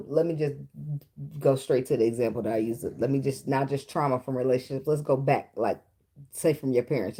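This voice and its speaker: A woman's voice: extremely low pitch, dark tone, slightly rough. Blunt, chatty woman reading tarot. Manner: blunt, chatty, swears freely, talks to the cards. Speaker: tarot reader. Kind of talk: casual tarot reading monologue.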